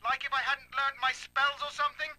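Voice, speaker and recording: A man's voice: very high-pitched, little pitch movement, fairly quick, a crowd in the background. An actor playing a nervous, stammering English businessman calling in to a radio show as a prank caller. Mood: flustered. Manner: nervous stammering, repeats words. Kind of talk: video game radio comedy acting.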